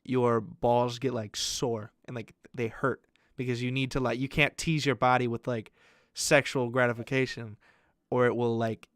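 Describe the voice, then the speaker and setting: A man's voice: medium pitch, little pitch movement, moderate pace, fairly bright tone, no room sound, studio quality. A young man co-hosting a podcast, telling crude stories in a rambling way, full of fillers. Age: young adult. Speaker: podcast co-host. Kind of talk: casual podcast storytelling.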